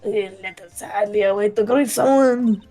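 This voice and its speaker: A woman's voice: mid-range voice, moderate pace, warm tone, faint music behind, lightly acted. A woman voicing a brash, domineering lunch seller in an over-the-top put-on French accent, haughty and taunting, in a fan dub of a game. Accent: put-on obnoxious French.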